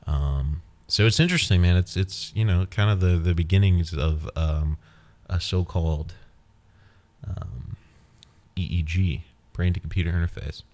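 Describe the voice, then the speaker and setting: With a low, unhurried voice and a darkish tone, a man hosts a podcast in a casual monologue. He rambles playfully and walks the listener through an imagined scene.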